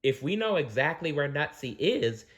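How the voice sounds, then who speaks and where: A man's voice: fairly high pitch, big pitch swings, moderate pace, a bit bright, voice pushed up. A man voicing a small, clever female mouse in a storybook reading. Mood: careful.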